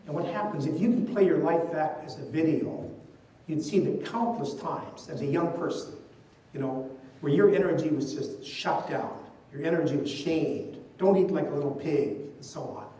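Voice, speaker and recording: A man's voice: a little high, normal speed, mellow. An older man, a priest, giving a conversational talk full of stories and "you know" asides. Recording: distant mic in an echoey hall.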